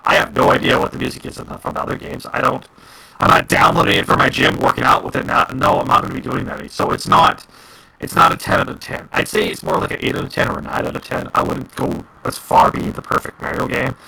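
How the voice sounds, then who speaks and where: Gravelly, bright-voiced man ranting hotly. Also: mid-range voice, sing-song, fast, rough recording. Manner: heated, profane ranting. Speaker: podcast co-host. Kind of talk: casual gaming podcast chat.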